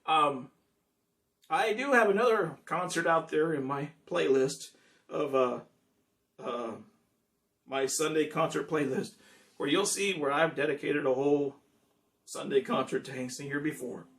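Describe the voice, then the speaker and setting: A man's voice: a little high, a little slow, long pauses, far from the mic. A man who sings and plays guitar, chatting casually and rambling a little between songs. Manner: relaxed, rambling, homespun. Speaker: singer and guitarist. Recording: guitar playing behind.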